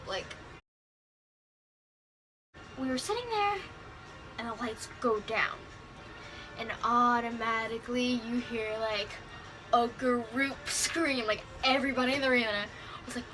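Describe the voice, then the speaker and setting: Young female fan vlogger with a high voice, gushy, lots of "like", music in the background. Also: a little slow, long pauses, low-quality recording. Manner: gushing, heavy use of "like", acts out quotes. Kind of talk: excited storytelling vlog. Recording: music playing clearly behind her.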